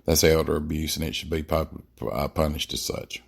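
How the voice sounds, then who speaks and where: A man's voice: a bass voice, completely flat delivery, moderate pace, creaky, slightly rough. A man hosting a podcast, giving a blunt, emphatic political monologue with frequent fillers and restarts. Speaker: podcast host.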